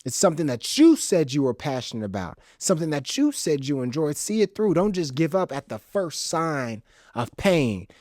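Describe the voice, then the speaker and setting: A young man from the Chicago suburbs hosts a solo podcast and spins stories with animated, comic exaggeration and casual slang. His voice sits a little high for a man. It sounds dry and close. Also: moderate pace, dry recording. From Chicago's South Side suburbs, Illinois. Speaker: podcast host. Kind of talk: solo storytelling monologue.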